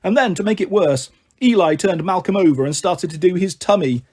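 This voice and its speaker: A man tells a children's story with a lively, springy delivery. His voice sits high and swoops around a lot, with a slightly breathy edge. He plays up every scene. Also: fairly quick. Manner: lively, acts out every character with shifting voices. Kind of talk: audiobook reading of a children's novel.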